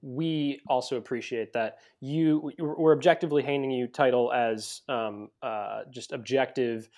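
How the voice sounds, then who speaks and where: American man, podcast host, mid pitch, hesitant, lots of ums. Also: measured pace, a little mellow. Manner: hesitant, many fillers and restarts, laughs often. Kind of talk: casual interview chat.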